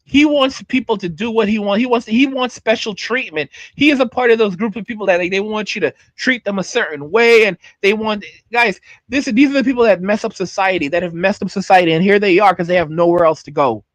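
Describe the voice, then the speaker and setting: A man with a high, raised voice rants angrily on a livestream, firing back at his chat. He talks in heated bursts and repeats himself. The sound is close and dry, with no room around it. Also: brisk, few pauses, no room sound. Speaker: channel host. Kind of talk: livestream rant reacting to chat.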